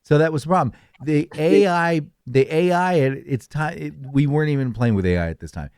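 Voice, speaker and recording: A man's voice: on the high side, a little fast, a little mellow, clear, resonant tone, no echo, studio quality. A man co-hosting a podcast, telling rambling stories with a lot of hesitation in casual chat. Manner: rambling storyteller, many fillers and restarts. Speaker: podcast co-host.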